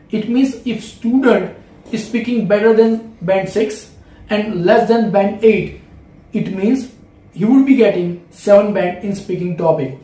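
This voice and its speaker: A man's voice: high voice, a little mellow, roomy sound, far from the mic, low-quality recording. A man with an Indian English accent giving a step-by-step video lesson as an English exam tutor, repeating key phrases.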